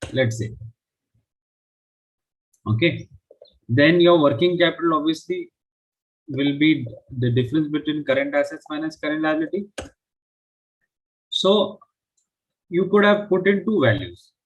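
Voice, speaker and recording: A man's voice: fairly high pitch, measured pace, long pauses, muffled recording. A man teaching a live online finance class, explaining step by step and often checking with "right?". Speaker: finance instructor.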